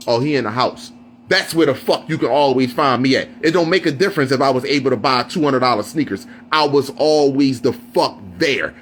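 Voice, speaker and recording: A man on a live stream, delivering a heated, profane rant, often shouting and repeating questions at his listeners. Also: high-pitched, slight background noise.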